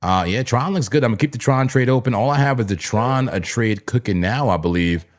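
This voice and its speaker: A man's voice: medium pitch, a little fast. A man from New Jersey hosting a live crypto trading stream, talking in a hyped, repetitive, chatty way to his viewers. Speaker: livestream crypto trading host. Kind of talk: casual live-stream commentary.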